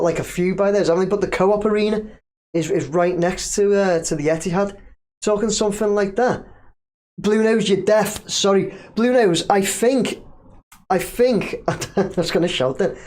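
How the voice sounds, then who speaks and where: A man's voice: high voice, a little mellow. Guy doing a live chat stream, laid back, reads out comments, laughs a lot. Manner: chatty, reads viewer comments aloud and laughs easily. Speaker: livestream host.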